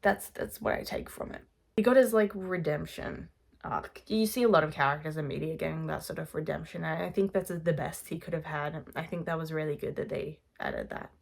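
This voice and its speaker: A young adult woman rambling excitedly in a casual reaction vlog, gushing over a TV series. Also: sits low, brisk, gravelly.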